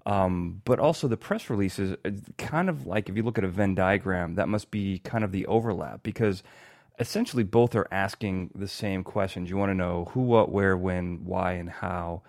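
A man's voice: sits low, moderate pace, a little mellow, no room sound, clean studio sound. A man hosting a podcast interview, chatty and self-mocking, often restarting his sentences. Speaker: podcast host.

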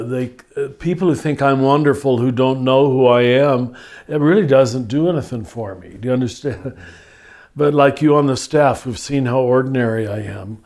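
A man speaking as a spiritual teacher in a reflective conversation, thoughtful and soft-spoken. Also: medium pitch.

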